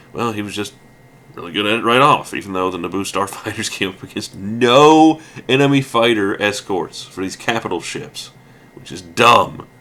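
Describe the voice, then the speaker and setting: Animated low-voiced man ranting casually. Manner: animated, ranting, many fillers and restarts. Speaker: let's play commentator. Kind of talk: casual rambling commentary.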